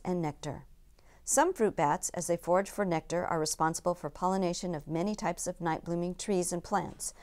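A woman in her sixties, a teacher reading aloud slowly and carefully from a book's factual afterword. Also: fairly low pitch. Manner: slow, careful expository reading.

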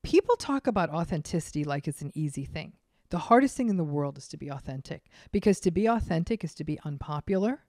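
A woman's voice: low voice, expressive, fast talker, a little mellow, no echo, studio quality. A woman psychologist, a guest on a podcast interview, who speaks emphatically and acts out the people she quotes.

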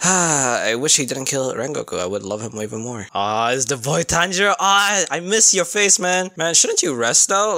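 A young man giving casual, excitable reaction commentary, swearing freely and breaking into sudden outbursts. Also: fairly high pitch. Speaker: anime reaction youtuber.

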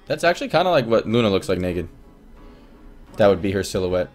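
A man streaming casually, rambling and swearing, swinging from mumbled asides to excited outbursts. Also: fairly low pitch, fairly quick, long pauses, soft background music. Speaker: livestreamer.

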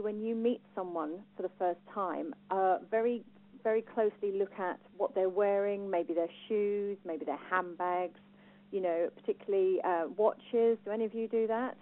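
A woman's voice: medium pitch, fairly quick. English woman with a Home Counties accent, talk to an audience, engaging, thin phone-like sound. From England. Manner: lively and engaging, asks the audience questions. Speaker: speaker on personal branding.

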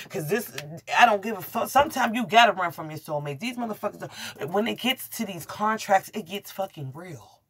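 Speaking straight to camera, a tarot reader with a fairly low voice gives a casual reading. She's blunt, curses freely, and gets excitable, laughing and exclaiming along the way.

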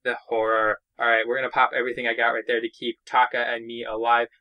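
A young man from Boston giving excitable, chatty commentary while playing a mobile game. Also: mid-range voice, fast talker, highs cut off. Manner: excitable, chatty, narrates own moves. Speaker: gaming YouTuber. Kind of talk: let's play commentary.

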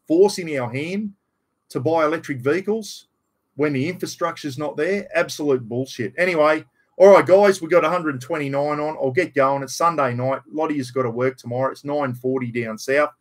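Still recovering from an illness and left with a slight cough, a middle-aged Australian livestream host rambles and talks bluntly in a casual stream. His voice is a little high, and he keeps a moderate pace.

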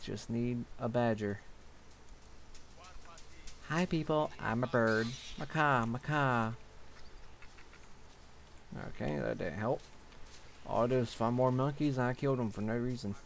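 A man's voice: medium pitch, vocal fry, darkish tone, a little hiss or hum. A young man giving casual gameplay commentary, grumbling and swearing to himself as he plays. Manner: grumbling, profane, talking to himself. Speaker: gaming channel host.

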